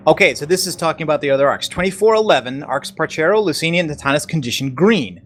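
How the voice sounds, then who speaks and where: A man's voice: on the high side, animated, fast talker, hardly any pauses, a bit bright, faint music behind. A man commenting on a video game, explaining what happens with dry humor. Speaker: gameplay commentator. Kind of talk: casual let's-play banter.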